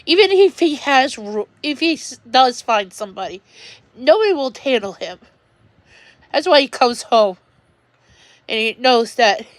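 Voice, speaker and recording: Slow, rambling, upset woman. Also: sits high, very animated, no echo. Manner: rambling and upset, with frequent restarts. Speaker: livestreamer. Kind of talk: emotional personal livestream monologue. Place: at home.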